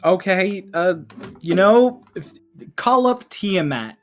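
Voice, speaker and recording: A man's voice: sits high, expressive, slow pace, soft background music. A man narrating as dungeon master in a casual tabletop game session, swearing and joking with players. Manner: casual, swears, plays NPC voices.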